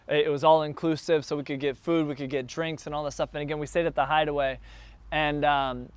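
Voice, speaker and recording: A man telling a story in a smooth, slightly high voice. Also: dry recording. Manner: animated, builds excitement as the story goes on. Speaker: church planter addressing his launch team. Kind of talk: casual storytelling to a group. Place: backyard gathering.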